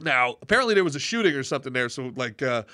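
A man's voice: medium pitch, very animated, racing, pushed and bright, no room sound, studio quality. A man hosting a podcast and chatting casually, rambling with restarts before landing emphatic lines. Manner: rambling, hesitant, with many restarts, then emphatic. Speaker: podcast host.

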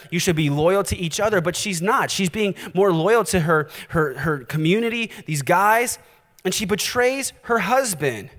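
A male pastor preaching a sermon, animated and direct, challenging his listeners. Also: high-pitched, big-room sound.

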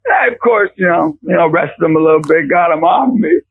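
A man's voice: fairly high pitch, quick pace, creaky, slightly rough, dry recording, low-quality recording. A middle-aged man, a preacher and youth basketball coach, telling a story in a faith conversation and acting out the voices in it with big jumps.

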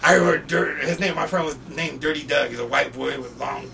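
A young man from Portland, a podcast guest, telling loose, profane stories in casual chat and shouting when he quotes people. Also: a little high, a little fast, vocal fry, a crowd in the background. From Portland, Oregon. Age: young adult. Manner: loose, profane, animated storyteller who often shouts when quoting people. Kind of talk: casual storytelling. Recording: distant mic with faint noise.

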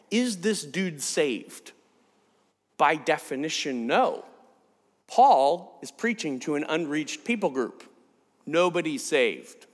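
Man preaching, high voice, lively swooping delivery, casual and animated. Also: long reverb tail. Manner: casual, animated, acts out quotes. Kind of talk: sermon.

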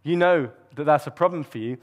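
A man's voice: a little high, brisk, dull audio. A man giving a sermon, earnest and reflective, with the odd filler and restart. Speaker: preacher.

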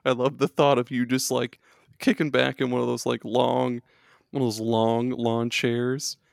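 Gravelly laid-back podcast host man. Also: medium pitch, level tone, a little slow, no echo, clean studio sound. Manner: laid-back, laughing, teasing guests. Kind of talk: casual podcast chat.

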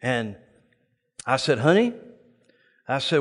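Animated preacher man in a reverberant hall. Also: fairly high pitch, a little slow, long pauses. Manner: animated storytelling with sudden loud exclamations and laughter. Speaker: pastor. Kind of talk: sermon. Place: large church hall before a live congregation. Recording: long reverb of a large hall.

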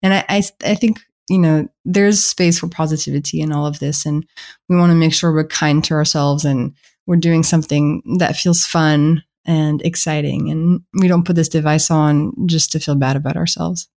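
A woman with a French accent, a guest author explaining her ideas in an earnest, gentle way during a podcast interview. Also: deep voice, steady tone, normal speed.

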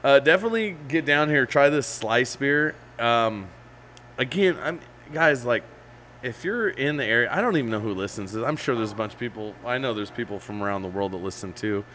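A man's voice: medium pitch, animated, brisk, sharp tone, a little hiss or hum. A man hosting a podcast, chatting casually about beer and old stories, swearing and laughing often. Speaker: podcast host. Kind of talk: casual chat.

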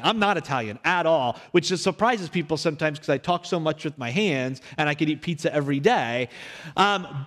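A young male pastor giving a sermon in his church, telling stories from his childhood in a lively storytelling manner. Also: sits high. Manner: storytelling, animated, acts out his younger self in quotes. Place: church sanctuary. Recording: echoey hall.

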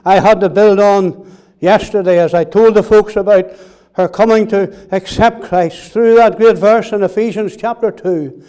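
A male preacher delivers an earnest sermon in a fairly high voice with a soft, warm tone. He repeats his key phrases and presses the listeners with direct questions. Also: steady tone, unhurried, clean tone.

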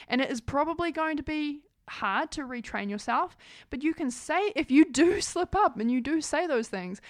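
Frank, animated woman, dry close sound. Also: fairly high pitch, dry recording. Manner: frank, animated, many "like" fillers. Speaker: parenting vlogger. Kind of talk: casual talk to camera.

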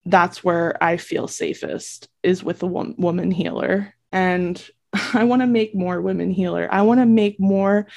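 A woman's voice: lowish voice, fairly even intonation, unhurried, vocal fry, a little mellow. A young adult woman hosting her own podcast, talking emphatically and bluntly in an impassioned solo monologue, swearing freely. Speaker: podcast host and reiki practitioner.

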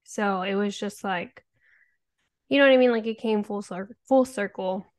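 A woman's voice: medium pitch, moderate pace. Mom in her thirties co-hosting a podcast; candid, rambling, swears freely. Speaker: podcast co-host. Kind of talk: casual chat.

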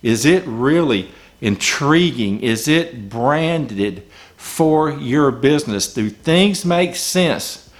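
A man's voice: mid-range voice, animated, slow pace. A man coaching small business owners, talking emphatically and firing off rhetorical questions from the customer's point of view. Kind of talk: business advice talk.

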